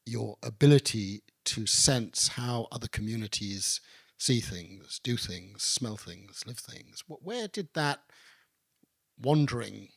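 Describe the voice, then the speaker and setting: A man interviewing an author on stage, asking measured questions with some hesitation. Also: mid-range voice, expressive, vocal fry. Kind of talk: onstage interview. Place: arts venue, live audience.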